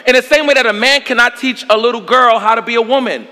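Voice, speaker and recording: A man preaching a sermon in an emphatic style. He calls out to the congregation for responses. His voice is high and bright, and it rings out with the long reverb of a large hall. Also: fast talker, few pauses. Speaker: pastor.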